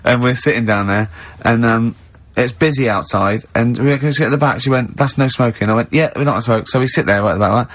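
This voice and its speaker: A man with an English accent hosting a radio show, telling anecdotes in lively casual banter and laughing a lot. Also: fast, hardly any pauses. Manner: lively storyteller, laughs often, high-pitched giggle. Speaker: radio host. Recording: dull lo-fi radio broadcast.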